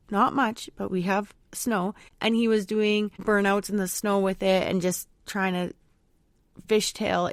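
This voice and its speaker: A woman's voice: mid-range voice, creaky, no echo. A woman podcast host and mother chatting casually through a personal story, rambling with lots of fillers. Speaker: mother of a young child.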